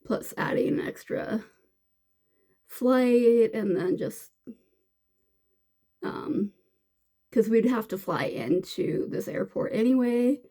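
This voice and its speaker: Chatty woman with a gravelly, mellow voice. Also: fairly high pitch, slow, pauses often. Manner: rambling, chatty, many fillers and restarts. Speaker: beauty vlogger. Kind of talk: casual chat while doing makeup.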